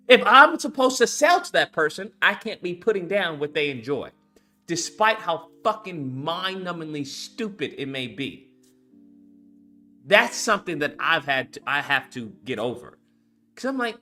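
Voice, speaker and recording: A young man hosting his channel, ranting casually about marketing and hype, profane and animated, mocking people with put-on quotes. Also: on the high side, normal speed, soft background music. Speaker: channel host. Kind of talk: casual commentary monologue.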